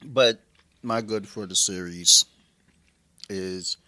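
A man co-hosting a casual podcast chat, talking in a rambling, profane and excitable way. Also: deep voice, slow pace. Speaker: podcast co-host.

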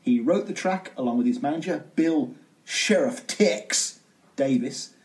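A man's voice: on the high side, a little slow, a little mellow. A man co-hosting a music podcast, chatting casually with wry joking asides. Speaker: podcast co-host.

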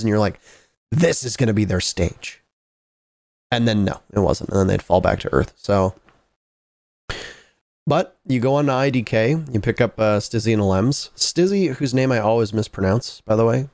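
A man's voice: mid-range voice, darkish tone, dry recording, studio quality. A man interviewing a guest in a casual esports chat, rambling through long questions with many asides.

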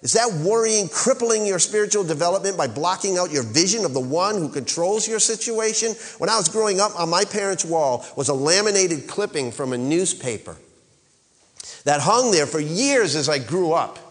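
A man's voice: sits high, animated, normal speed. Man preaching a sermon in a reverberant hall. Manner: rises to emphatic peaks, calls for congregation response. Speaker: pastor.

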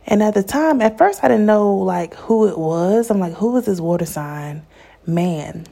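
Slow, gravelly-voiced young woman. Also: mid-range voice, lively intonation, dark tone. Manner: candid, chatty, laughs often. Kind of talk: casual storytime monologue.

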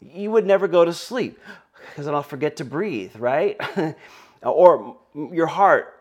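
A man's voice: a little high, animated, slow. A middle-aged male pastor giving a conversational sermon, with frequent fillers and restarts.

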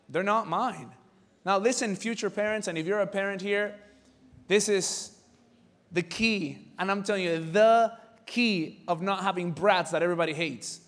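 A man preaching a sermon with animated delivery, jumping from shouted lines to quiet asides. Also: high-pitched. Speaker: pastor. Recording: reverberant hall from a distance.

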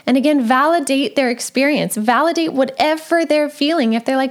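A woman, a parent, talking casually and gently about raising children, with frequent conversational fillers. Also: sits high, normal speed. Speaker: parent sharing advice. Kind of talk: casual advice talk.

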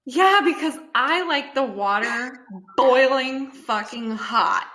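A woman's voice: sits high, slow, pushed and bright. A young woman in casual chat who jokes, laughs a lot and swears casually.

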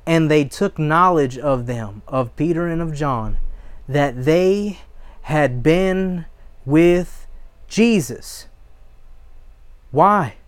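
Slow, emphatic male preacher. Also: fairly high pitch, lively intonation, clear, resonant tone, no room sound. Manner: reads scripture aloud and exhorts, with short prayers. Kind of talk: sermon.

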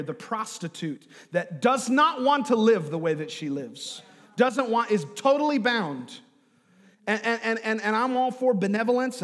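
A man preaching a sermon, telling a story and moving between quiet, hushed asides and loud, emphatic bursts. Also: high-pitched. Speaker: pastor. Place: church sanctuary. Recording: long reverb of a large hall.

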